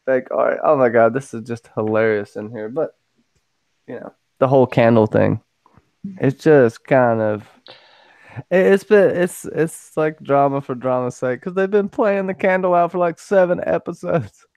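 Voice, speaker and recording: A man's voice: mid-range voice, normal speed, a little mellow, no room sound. A man in a casual livestream fan discussion, joking and teasing the others.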